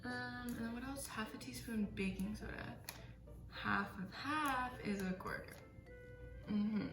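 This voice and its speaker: A woman's voice: on the high side, unhurried. A young woman vlogging while she bakes at home, chatty, self-mocking and dramatic. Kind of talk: casual baking vlog chat. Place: home kitchen. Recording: echoey room with faint music.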